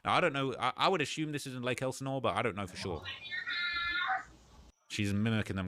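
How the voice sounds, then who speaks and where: A man's voice: mid-range voice, lively intonation, background noise. A man hosting a livestream, casually repeating and explaining lines from a video clip. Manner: fast, relays and paraphrases what others say. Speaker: livestream host commenting on a video.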